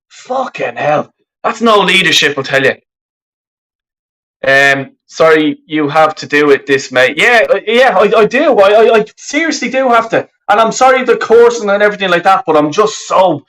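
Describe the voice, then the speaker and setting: A man's voice: sits high, expressive, moderate pace, a bit bright, poor audio. A man hosting a live football fan stream, furious and swearing heavily as he rambles through his complaints. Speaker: fan channel host. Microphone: webcam.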